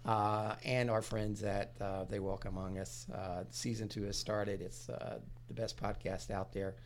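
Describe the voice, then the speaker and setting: A male podcast host chatting casually about true crime history. He jokes around with his co-host, laughs easily and fills pauses with ums and uhs. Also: fairly low pitch, flat delivery, a little hiss or hum. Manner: joking, laughs often, many fillers.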